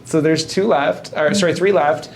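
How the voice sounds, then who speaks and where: Gravelly, slightly high-voiced game master man. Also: normal speed, a little hiss or hum. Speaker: dungeon master. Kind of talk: running a tabletop game.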